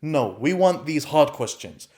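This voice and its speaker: A man's voice: on the high side, expressive, measured pace, a little mellow. Man, vlog host, commentary, emphatic, repetitive. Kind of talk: reaction commentary.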